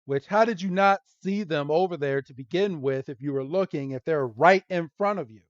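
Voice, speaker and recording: A man hosting a podcast, recapping a cartoon episode in a casual, giggly, animated way. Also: fairly high pitch, moderate pace, no room sound, muffled recording. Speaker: podcast host.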